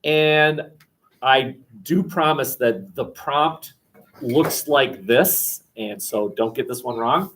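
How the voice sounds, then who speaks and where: A male history teacher giving a classroom lecture, animated and jokey, with many restarts and fillers. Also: medium pitch, takes it slowly, recorded from a distance, low-quality recording.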